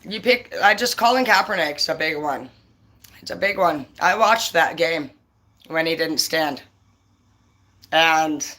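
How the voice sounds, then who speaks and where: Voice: mid-range voice, a little slow, pauses often, sharp tone. A tarot reader on a casual live stream who swears constantly and talks in a blunt, heated rant. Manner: profane, heated and ranting; blunt and confrontational.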